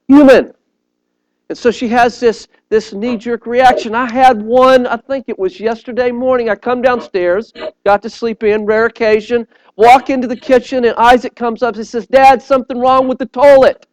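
A man's voice: extremely high pitch, normal speed, no room sound, low-quality recording. A man, recorded close and dry. He tells stories with animation, doubles back over his words, and keeps asking his congregation if they are with him. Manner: animated storyteller, repeats words and phrases; earnest, appeals directly to listeners. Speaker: preacher. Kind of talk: sermon.

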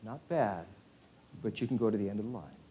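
A man preaching a conversational sermon, asking his listeners questions and swinging from quiet, hushed asides to loud, acted outbursts. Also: on the low side, lively intonation, brisk, a little hiss or hum. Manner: conversational, asks the audience questions.

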